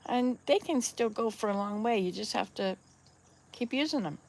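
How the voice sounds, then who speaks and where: A woman's voice: mid-range voice, moderate pace, vocal fry. A woman in her sixties chatting casually at home, rambling and upbeat, coaxing her cats now and then. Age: 60s. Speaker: vlogger. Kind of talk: casual chat.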